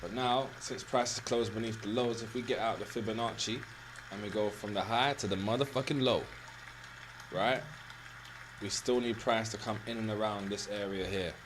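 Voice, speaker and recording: A man's voice: fairly low pitch, steady tone, normal speed, background noise. A man hosting a live trading stream in casual, rambling commentary, swearing freely and tagging lines with "right?" and "man". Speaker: trading livestream host. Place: home in the UAE.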